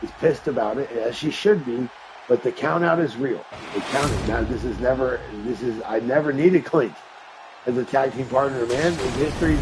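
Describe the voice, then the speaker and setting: A man calls a wrestling video game live in hyped announcer fashion, his gravelly voice rising to shouts on the big moments. A steady hiss of background noise sits under his stream audio. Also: mid-range voice, moderate pace. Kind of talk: play-by-play commentary.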